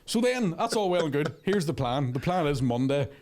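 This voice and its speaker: Fast-talking man telling a story. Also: a little high. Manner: profane, animated storytelling with acted quotes. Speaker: podcast host. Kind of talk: casual storytelling chat.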